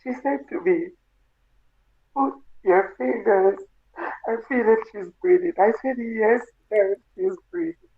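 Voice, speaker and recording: Jamaican woman, grieving mother, very slow, halting and tearful, tinny phone-line sound. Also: mid-range voice. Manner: halting, tearful, repeats phrases. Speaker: bereaved mother telling her story. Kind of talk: emotional personal testimony.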